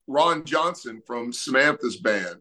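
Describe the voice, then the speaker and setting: A slow, medium-pitched male voice belongs to a middle-aged musician from Texas being interviewed as a guest. His talk is casual, loose, relaxed storytelling with many fillers.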